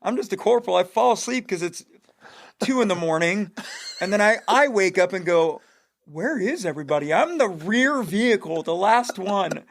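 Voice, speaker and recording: A man's voice: high voice, expressive, normal speed. A man in his thirties, a podcast host, telling old service stories in a casual, laughing chat. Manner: laughing storyteller, swears freely.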